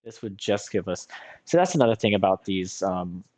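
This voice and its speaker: A man's voice: deep voice, lively intonation, normal speed, darkish tone. A tired man giving casual commentary on his game as a let's play streamer, musing aloud as he weighs his choices.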